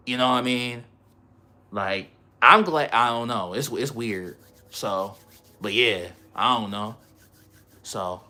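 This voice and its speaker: Bright-voiced rambling male streamer. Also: fairly low pitch. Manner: rambling, slangy, laughs often. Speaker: livestreamer. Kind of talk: casual livestream chat.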